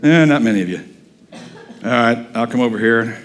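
A middle-aged male pastor preaching a folksy, animated sermon in a church and quizzing the congregation as he goes. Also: mid-range voice, moderate pace. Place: church sanctuary.

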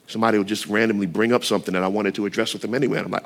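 Speaking fast in a lowish voice with hardly a pause, a male pastor gives a casual, lively sermon. He keeps asking the room questions and sprinkles in light, self-deprecating humor.

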